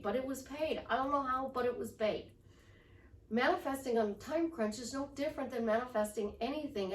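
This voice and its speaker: A woman life coach giving a casual motivational talk, chatty and storytelling, repeating affirmations. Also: on the high side. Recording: echoey room from far off.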